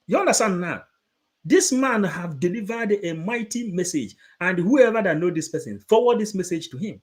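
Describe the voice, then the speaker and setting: Man, preacher, emphatic, repetitive, slightly high pitch. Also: big pitch swings, moderate pace. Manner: emphatic, repetitive, shifts between English and Igbo. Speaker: preacher addressing supporters. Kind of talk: impassioned preaching.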